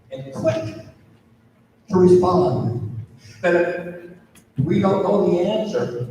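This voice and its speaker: A man from Minnesota, a priest, telling a story to an audience in a slow, deliberate way with dramatic pauses and repetition. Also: high-pitched, warm tone, far from the mic, a little hiss or hum. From Minnesota, USA. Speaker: priest giving a talk. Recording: echoey hall, voice heard from afar.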